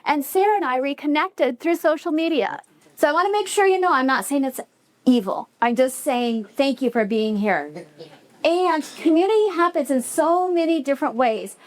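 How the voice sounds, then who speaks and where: A woman hosting a live cafe storytelling night, her voice notably high. She talks casually to the room, chatty and informal, thinking aloud as she goes. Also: moderate pace. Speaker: event host. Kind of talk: live event hosting remarks. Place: cafe event before a live audience.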